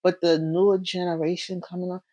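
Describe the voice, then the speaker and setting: A woman's voice: fairly low pitch, a little fast, no echo. Bubbly woman officer, dry close sound. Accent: Northern US. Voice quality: bubbly, warm-hearted. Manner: animated, storytelling, acts out quoted voices. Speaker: correctional officer guest. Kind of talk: casual interview talk.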